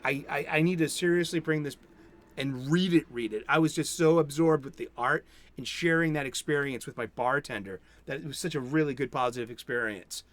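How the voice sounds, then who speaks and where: A man's voice: on the high side, brisk, a bit bright. A man, hosting a casual solo comics review stream and rambling enthusiastically with many self-interruptions. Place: home studio.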